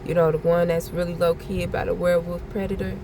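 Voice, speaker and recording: Woman, lower register, casual blunt spiritual vlogger who repeats her warnings and swears, traffic noise loud behind her. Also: little pitch movement, fast talker. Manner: blunt, repetitive, swears freely. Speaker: spiritual vlogger giving a channeled message.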